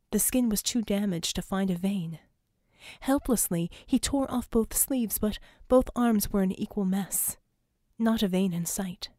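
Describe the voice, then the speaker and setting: A woman reads a tense story aloud with dramatic force, lifting to shouts and falling to breathy sobs as the characters demand. Her voice sits at a middle pitch, recorded close and dry with no room sound. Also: unhurried, dry recording. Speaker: audiobook narrator. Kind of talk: scripted narration.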